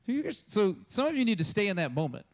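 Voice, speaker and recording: A male pastor delivers a relaxed, conversational sermon in a church. His voice sits a little higher than most men's. He keeps it chatty and informal, slipping into the voices of the people in his story. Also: quick pace.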